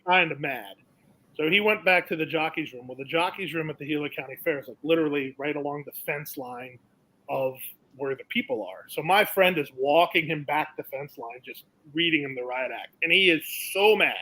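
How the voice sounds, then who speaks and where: A man's voice: a little high, a little fast, rough recording. A young man from South Florida, a racetrack announcer, telling stories in a casual interview and acting out the people in them. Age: young adult. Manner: animated storyteller, acts out the people in his stories.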